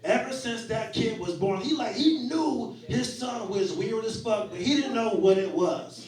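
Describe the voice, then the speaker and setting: A man in his forties works through a stand-up set, his voice sitting high and his storytelling loose and full of profanity. The club sound is heavily roomy, and the mic is picking him up from some distance. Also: a little slow, a little mellow. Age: 40s. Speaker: stand-up comedian. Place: small comedy venue.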